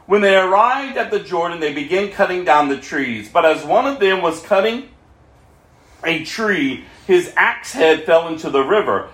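A man's voice: high voice, expressive, moderate pace, fairly bright tone. A man preaching a sermon, reading scripture aloud and breaking off with asides to the listeners. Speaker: pastor. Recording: roomy echo.

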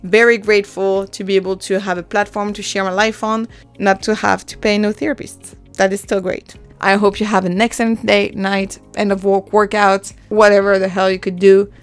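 A woman's voice: medium pitch, level tone, normal speed, hardly any pauses, clean tone, faint music behind. Chatty French woman in her thirties. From France. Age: 30s. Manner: chatty, laughs often, self-deprecating. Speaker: podcast host. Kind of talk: casual solo podcast monologue.

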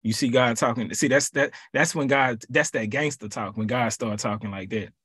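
A man leading a podcast Bible study who preaches in a lively, colloquial way and repeats his phrases for emphasis. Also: mid-range voice, normal speed, husky, no echo, clean studio sound.

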